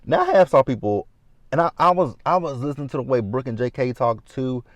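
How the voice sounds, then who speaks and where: A man's voice: medium pitch, sing-song, brisk, dry recording, lo-fi sound. A man from Texas, recapping a reality show in a chatty, blunt way with profane asides. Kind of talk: casual recap commentary.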